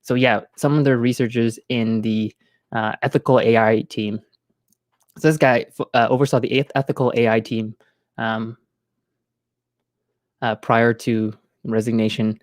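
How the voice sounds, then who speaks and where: A man's voice: mid-range voice, steady tone, measured pace, pauses often, dry recording. A man streaming from home, chatting casually into a close mic, rambling with many fillers and restarts. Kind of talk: casual live-stream chat.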